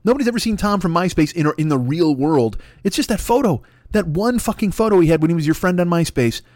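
A man's voice: on the high side, lively intonation, quick pace, darkish tone, no room sound. A man in his fifties ranting alone at a desk, rambling, exasperated and full of swearing. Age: 50s. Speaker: podcast host. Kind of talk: solo comedic rant.

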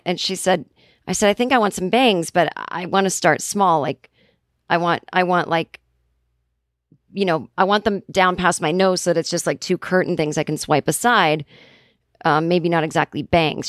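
A woman in her forties tells a rambling story on her podcast. She is casual and animated, acts out both sides of a conversation and swears freely. The sound is close and completely dry. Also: fairly low pitch, no echo. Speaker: podcast host.

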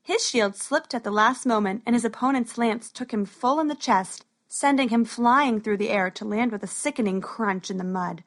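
Woman narrating a storybook, steady. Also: a little high, normal speed, few pauses.

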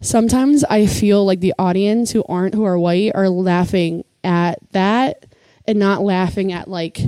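A young woman comedian in casual podcast chat, talking fast with lots of "like" and frequent laughter. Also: mid-range voice, mellow, no room sound. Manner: chatty, laughs often, lots of "like".

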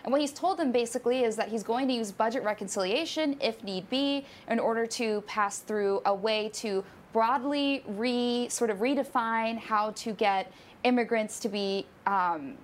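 A woman's voice: a little high, moderate pace. Female correspondent, conversational, slight background noise. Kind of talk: news interview.

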